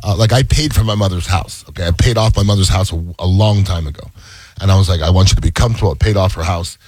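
A man's voice: low voice, quick pace, darkish tone, slightly rough, no echo. A man chatting casually, with wry, blunt remarks. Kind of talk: casual chat.

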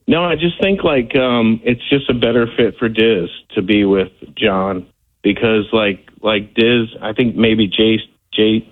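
A man phoning into a radio show, apologetic and rambling with lots of fillers. His lowish voice sounds thin and tinny over the phone. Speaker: caller.

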